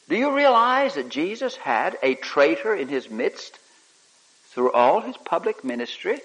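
A man preaching a sermon, swinging between loud emphatic lines and soft hushed ones, with some halting restarts as he tells a story. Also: a little high, very animated, slightly rough, poor audio.

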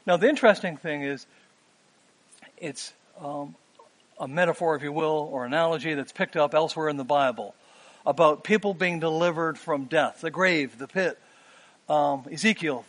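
A man in his fifties preaching a sermon, earnest, pausing with "um" and rising for emphasis. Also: fairly high pitch, a bit bright.

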